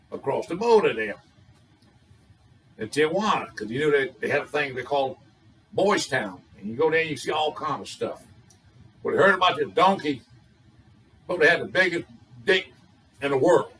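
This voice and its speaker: An older man with a drawl tells off-color jokes in a folksy, rambling way. His voice sits a bit high and sounds bright and forceful. He sounds some distance from the mic. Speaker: joke teller. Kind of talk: telling raunchy jokes.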